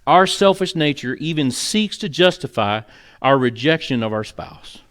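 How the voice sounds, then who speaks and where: A man's voice: medium pitch, lively intonation, normal speed, fairly bright tone. A male pastor preaching an earnest, conversational sermon in a church, with moments of emotion. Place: church sanctuary.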